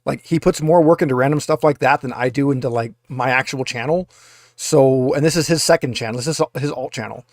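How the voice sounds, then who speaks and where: Here a man acts as game master for a tabletop session over video call, talking in a brisk, medium-pitched voice. His narration rambles and is packed with "uhs," captured in studio quality without echo.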